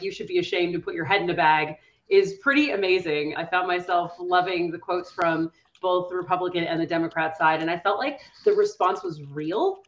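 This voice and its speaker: A woman guest on a roundtable podcast, speaking in a lively, opinionated way. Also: on the low side. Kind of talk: casual roundtable podcast chat. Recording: echoey, dull lo-fi audio.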